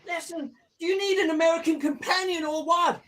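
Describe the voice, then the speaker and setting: A woman voicing a brash young American companion, shouting in a put-on American accent. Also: extremely high pitch, fairly even intonation, a little fast. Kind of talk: comic character audition on a podcast.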